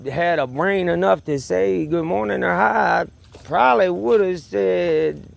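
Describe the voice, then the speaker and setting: A vlogger tells a story in a casual monologue, rambling, swearing, and laughing as he repeats himself. His voice is high-pitched, unhurried, and creaky.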